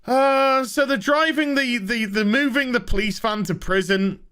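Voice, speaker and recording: High, bright-voiced sarcastic male reviewer. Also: measured pace, clean tone. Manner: sarcastic, exasperated, swearing. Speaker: film reviewer. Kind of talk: comic rant review.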